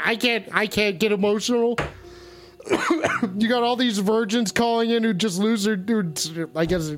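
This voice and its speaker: A man hosting a comedy call-in show, with crude, mock-sincere, rambling banter. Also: on the high side.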